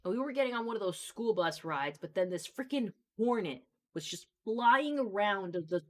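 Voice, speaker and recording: A woman's voice: medium pitch, expressive, moderate pace, fairly bright tone. A young woman hosting a live stream, telling stories in a chatty, casual way and swearing freely. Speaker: streamer host.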